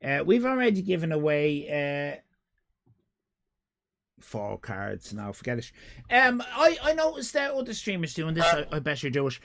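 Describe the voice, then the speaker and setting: A man's voice: fairly high pitch, wildly swooping pitch, moderate pace, a bit bright. A man with an Irish accent, chatting casually to his live-stream audience, rambling and joking and calling out viewers by name. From Ireland. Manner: rambling, jokey, talks to chat by name.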